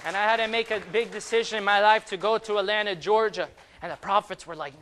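A young man preaching a fervent sermon, rising loud on calls and dropping soft between them. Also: sits high, steady tone, fast, some chatter behind, slight background noise.

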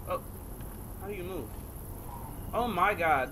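A man's voice: high voice, animated, slow, pushed and bright, slight background noise. A man doing horror game commentary as a gaming video creator, jumpy and talking to viewers, yelping and swearing at the scares.

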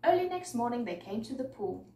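Lady reading a rhyming kids book, bouncy sing-song voice, highish, echoey room. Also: brisk. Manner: lively, sing-song rhythm. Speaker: storyteller. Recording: echoey room, mic far off, faint noise.

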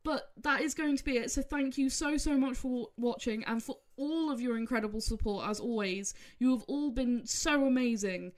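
A woman gaming creator, emotional and rambling, speaking haltingly and repeating herself. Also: a little high. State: emotional, close to tears. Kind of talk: emotional video outro.

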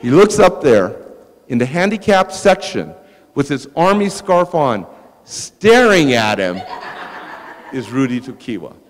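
A man giving a public lecture at a museum, telling a story in a lively anecdotal way and turning to the audience with asides. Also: medium pitch, unhurried. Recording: long reverb in a large hall.

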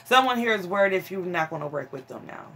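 A woman's voice: lowish voice, lively intonation, fast talker, fairly bright tone, slightly rough. A woman giving a casual tarot reading to her viewers, frank and emphatic, calling them honey and child. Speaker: tarot reader.

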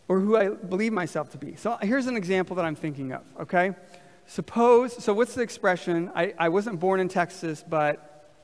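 Man, pastor, sermon, lively, engages the crowd, echoing church hall. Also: high-pitched. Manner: lively, talks with the congregation.

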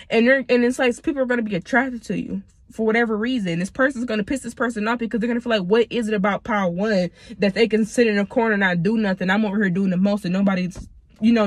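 A woman in her twenties from Michigan does a casual tarot reading while sick, blunt and profane, calling her viewers "y'all." Her voice is a little high, and the recording is dry.

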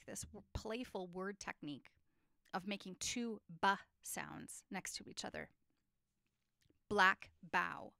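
A woman teaching a lesson on poetry structure, explaining clearly and reading poems aloud with feeling. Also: medium pitch, fairly bright tone, dry recording, clean studio sound.

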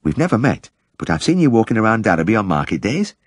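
A man voicing a shy, cheerful middle-aged village woman with a bright, chatty manner, in a dry recording. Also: fairly low pitch, very animated, fast talker, slightly rough, dry recording, pitched above the performer's own voice.

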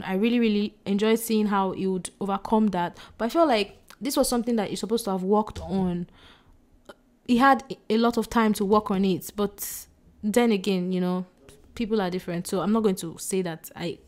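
Chatty woman reviewing books. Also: medium pitch. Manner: chatty, excitable, gushing. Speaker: book vlogger. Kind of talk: casual book review chat.

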